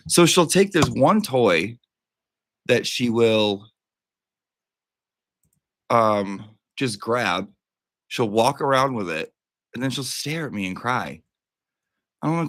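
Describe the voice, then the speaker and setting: A man's voice: mid-range voice, lively intonation, measured pace, long pauses, a bit bright, dry recording. A man hosting a casual livestream, chatty and profane, breaking off to talk to his dog. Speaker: livestream host.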